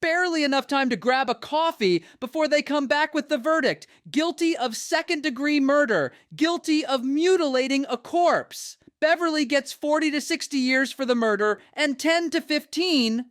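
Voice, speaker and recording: Flippant high-voiced woman narrating true crime. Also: normal speed, few pauses, no echo, studio quality. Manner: flippant, wisecracking. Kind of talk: slangy scripted narration.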